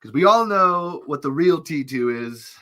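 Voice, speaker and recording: Male podcast host, rambly and giggly, very bright tone. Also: on the high side, a little slow. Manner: rambling, animated, laughs often. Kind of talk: casual chat.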